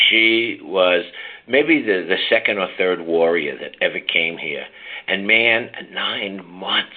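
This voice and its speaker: An older man hosting a call-in health show, talking brashly and teasing his callers. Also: low voice. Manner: brash, teasing, coaxing listeners. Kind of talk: casual call-in talk. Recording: phone-like narrow line.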